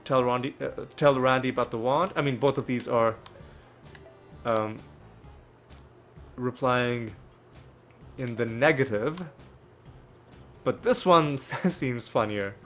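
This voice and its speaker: Let's-play host, male, gravel in the voice, loose chatty delivery, faint music bed. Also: mid-range voice, takes it slowly, pauses often, fairly bright tone. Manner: chatty, laughs often, restarts words. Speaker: gaming channel host. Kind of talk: casual game commentary.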